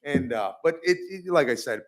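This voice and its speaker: A man's voice: a little high, moderate pace. Chatty man telling a story at the podium. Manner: animated storyteller, acts out quotes, laughs at himself. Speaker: resident speaking at public comment. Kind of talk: anecdotal public comment. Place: city council chamber.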